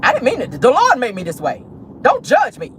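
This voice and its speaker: A woman's voice: a little high, wildly swooping pitch, a little fast, slight background noise. Sassy woman vlogging from her car. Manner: sassy, petty, talks straight to viewers with lots of "honey" and "y'all". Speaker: YouTube commentary host. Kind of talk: casual commentary vlog from a car. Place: parked car.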